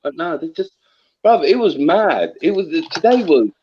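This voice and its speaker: This voice chat participant has a high-pitched voice and a moderate pace, with slight background noise on dull, lo-fi online audio. In a heated casual chat, he swears liberally and spins slang-heavy, animated stories.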